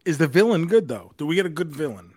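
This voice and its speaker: A male podcast co-host with a voice a little higher than average, recorded dry and close. He talks in relaxed, chatty banter, now and then dropping a swear word. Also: quick pace, slightly rough, no echo. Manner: chatty, relaxed, occasionally profane. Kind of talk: casual chat.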